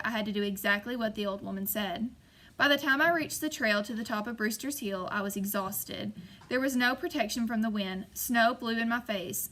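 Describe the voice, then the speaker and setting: Woman reading a scary story aloud, somewhat high voice, measured and suspenseful. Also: sharp tone. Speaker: audiobook narrator. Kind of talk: scripted first-person narration.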